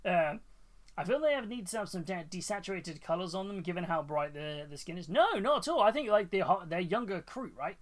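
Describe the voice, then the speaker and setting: A high-voiced man talks fairly fast and very animatedly, barely pausing. He's hosting a livestream and gushing about viewers' painted miniatures in a loose, rambling way, full of fillers and restarts.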